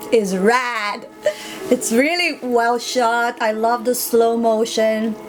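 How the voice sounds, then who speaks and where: A woman's voice: fairly high pitch, steady tone, slow, music in the background. Chatty woman reacting to a movie. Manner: chatty, talks to herself, mutters asides. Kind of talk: casual movie reaction commentary. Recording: noisy home recording with background hiss.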